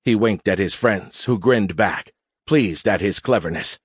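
Man narrating an audiobook, low steady voice, dry close sound. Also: unhurried, breathy edge, no echo. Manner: steady, even storytelling. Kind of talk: scripted narration.

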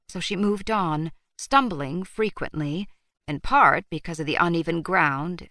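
Woman narrator, audiobook reading, bright tone, lowish voice, dry close mic. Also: no room sound. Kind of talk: scripted narration.

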